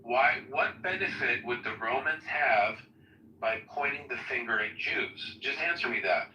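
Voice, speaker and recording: A man's voice: mid-range voice, a little slow, bright, forceful tone, lo-fi sound, a little hiss or hum. Insistent questioning man, echoey. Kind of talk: online debate chat. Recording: echoey distant audio.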